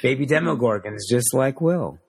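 A man's voice: mid-range voice, animated, moderate pace, crowd noise. A man in a casual chat who rambles and hesitates while telling his thoughts.

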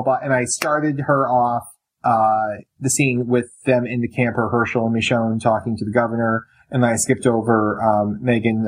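A man co-hosting a casual podcast chat, telling animated stories and acting out what his wife says. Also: mid-range voice, poor audio. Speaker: podcast co-host.

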